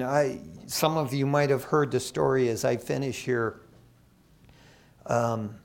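A middle-aged man from Michigan, an associate pastor, preaching a sermon in a casual, storytelling way with lively asides. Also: medium pitch. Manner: conversational, animated storytelling with asides.

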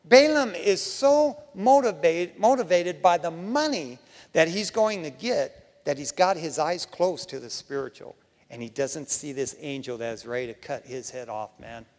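High-voiced preacher dude, lively storytelling sermon, lots of reverb like a big hall. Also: male voice, moderate pace. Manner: animated storytelling, casual asides.

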